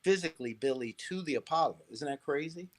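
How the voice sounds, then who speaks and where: A middle-aged man, a guest on an interview show, telling stories in a lively way, restarting phrases and checking in with "right?". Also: on the high side, fast talker. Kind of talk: casual interview storytelling.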